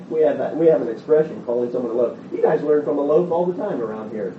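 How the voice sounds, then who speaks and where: Man preaching a verse-by-verse sermon, acts out voices, dull lo-fi sound, faint rumble. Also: fast talker. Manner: animated, acts out the disciples' voices. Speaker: pastor. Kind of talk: expository Bible sermon. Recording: roomy, distant, dull sound.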